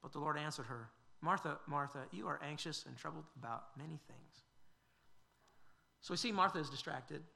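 A man's voice: a little high, normal speed, gravelly, sharp tone. A man preaching a sermon, earnest and questioning, with frequent fillers and restarts.

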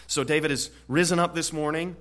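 A man preaching an expository sermon in an earnest way, often repeating words and growing louder on key points. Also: a little high, fairly even intonation, a little fast. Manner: earnest, frequent word repetitions, swells louder on key points.

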